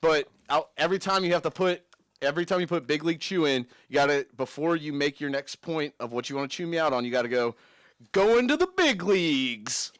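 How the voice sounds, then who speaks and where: Cocky young dude talking trash and laughing, high voice, dry room. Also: male voice, fast, smooth, no room sound. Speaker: podcast co-host. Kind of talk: casual banter.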